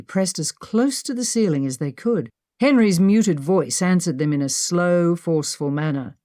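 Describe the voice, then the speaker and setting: Low-pitched, expressive woman narrator. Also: normal speed, no room sound, clean studio sound. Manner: expressive storytelling. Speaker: audiobook narrator. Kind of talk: scripted audiobook narration.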